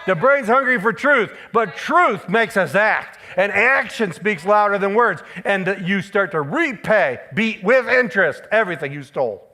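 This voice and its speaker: A man delivering a sermon in a high, bright voice. He presses each point with emphatic repetition, and between his firm declarations he slips in playful asides. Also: expressive, moderate pace, few pauses. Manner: emphatic, repeats key phrases for stress. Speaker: preacher.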